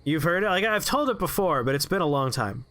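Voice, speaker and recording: A male streamer chatting through a game session, telling a story with plenty of swearing. His voice is bright and on the higher side, swinging lively up and down. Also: fairly quick. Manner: animated, profane, chatty.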